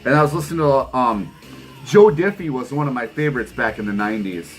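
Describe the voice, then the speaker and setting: A man's voice: mid-range voice, expressive, brisk, faint music behind, poor audio. A middle-aged man, rambling emphatically as he hosts a vinyl channel, laughing often. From Wisconsin, USA. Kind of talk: casual vlog chat to camera.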